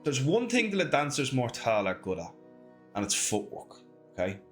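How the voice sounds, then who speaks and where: Bright-voiced man running a tabletop game. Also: medium pitch, huge pitch swings, moderate pace, soft background music. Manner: casual, swears freely, describes scenes. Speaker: game master.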